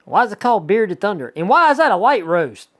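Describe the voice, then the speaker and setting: A man with a Southern US accent hosting a casual unboxing vlog, chatty and excitable, rambling with lots of asides. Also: sits high, a little fast. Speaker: YouTuber reviewing subscription boxes.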